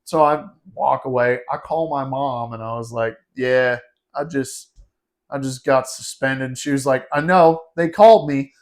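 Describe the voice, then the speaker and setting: A man telling a wild story on a podcast, animated and laughing, calling his cohost "dude" and "bro". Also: medium pitch, a little slow. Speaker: podcast host. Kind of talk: casual storytelling chat.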